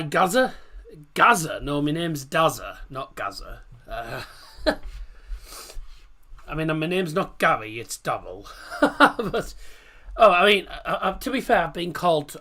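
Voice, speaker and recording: A man's voice: a little high, a bit bright. A man hosting a football watchalong stream, rambling casually through viewer comments with lots of fillers and restarts. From Middlesbrough, England. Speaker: livestream host. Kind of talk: casual chat reading live comments.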